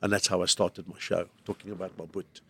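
A middle-aged comedian with a South African accent telling stories in a rambling, animated way and acting out the voices of the people he quotes. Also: sits low, brisk, creaky, slightly rough, no room sound. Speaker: comedian, guest. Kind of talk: casual storytelling.

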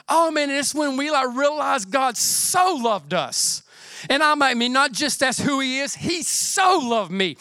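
A man, a pastor, preaching a sermon with lively calls to the congregation and emphatic repetition. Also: very high-pitched, no echo, clean studio sound.

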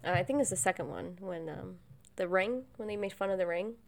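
A woman's voice: fairly quick, creaky. A young woman in casual chat, telling stories animatedly and jumping into quoted voices. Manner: animated storyteller, jumps to high acted voices. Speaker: co-host.

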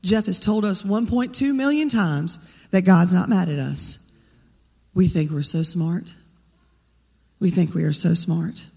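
A woman's voice: lowish voice, unhurried, gravelly, long pauses, a little mellow, husky, long reverb tail. A woman preaching a sermon, talking conversationally and firing rhetorical questions at the congregation. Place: church sanctuary.

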